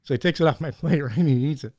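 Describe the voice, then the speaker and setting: A man telling anecdotes in a casual podcast chat, animated and laughing often, acting out the people in his stories. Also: a little high, rapid-fire, no echo. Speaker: podcast guest. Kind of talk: casual storytelling.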